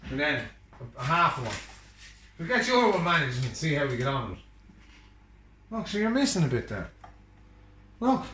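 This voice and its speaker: Cooking in his home kitchen, an Irish vlogger keeps up casual chat and jokey banter with someone off camera. His slightly high voice is pushed and bright. The audio is roomy, carrying a little hiss or hum.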